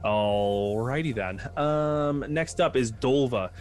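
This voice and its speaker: A man's voice: medium pitch, slow, darkish tone, soft background music. Casual man running a tabletop game. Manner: casual, loose narration full of fillers and restarts, counts dice aloud. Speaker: game master.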